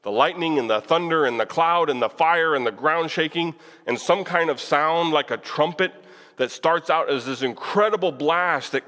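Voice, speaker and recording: In a church hall, a man teaches a Bible class in a casual, conversational preaching style, asking the room questions and chuckling now and then. His voice is fairly high-pitched and a bit bright, with long church reverb on the recording.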